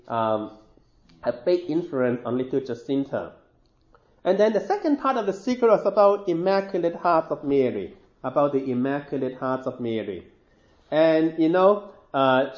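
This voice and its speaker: Hesitant high-voiced preacher in a roomy hall. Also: male voice, a little mellow. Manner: hesitant, many fillers and restarts, lifts his voice for quoted lines. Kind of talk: devotional talk retelling a saint's story. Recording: roomy, dull sound.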